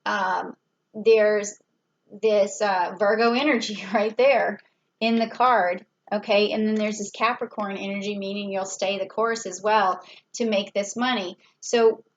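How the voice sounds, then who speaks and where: A woman's voice: mid-range voice, steady tone, slow pace, highs cut off, slight background noise. A woman giving a casual tarot reading, talking it through in a chatty way with fillers and small laughs. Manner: chatty, thinks aloud with fillers and little laughs. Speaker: tarot reader.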